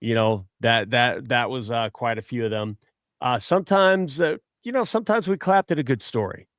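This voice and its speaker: A male guest on a sports talk show tells lively stories, often restarting his sentences and acting out the voices of people he met. His voice sits at an ordinary pitch and is recorded dry, with no room echo around it. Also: moderate pace. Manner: animated storyteller, many restarts, acts out quotes. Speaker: guest superfan. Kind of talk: casual sports chat.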